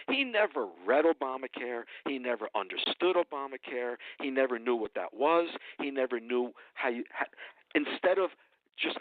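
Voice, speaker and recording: A man's voice: mid-range voice, no room sound. A man giving a heated, indignant political rant as a radio guest, hammering points with repetition. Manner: indignant, emphatic, repeats phrases for effect. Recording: dry tinny phone line.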